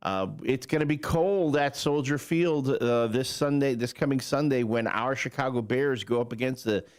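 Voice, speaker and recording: A man's voice: mid-range voice, moderate pace, clear, resonant tone. A man hosting a morning radio show, giving the weather and chatting casually with playful, rambling asides in a radio studio.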